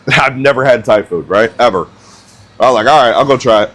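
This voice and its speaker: A young man who cooks at a barbecue restaurant, telling a funny story in a casual, animated, self-mocking way as he works in the kitchen. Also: medium pitch, moderate pace. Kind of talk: casual storytelling while cooking.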